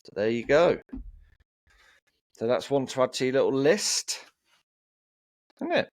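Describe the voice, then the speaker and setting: A man in a relaxed record chat, reading album blurbs aloud and stumbling through them with ums and false starts. His voice sits at a middle pitch. The sound is close and dry. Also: a little slow, dry recording. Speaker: co-host. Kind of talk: casual chat about records.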